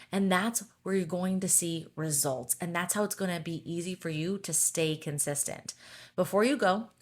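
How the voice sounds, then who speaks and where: A woman's voice: lowish voice, fairly bright tone. A woman hosting her own fitness podcast, talking in an encouraging, upbeat way and often checking in with "okay?". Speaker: podcast host, fitness coach. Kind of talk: solo podcast talk.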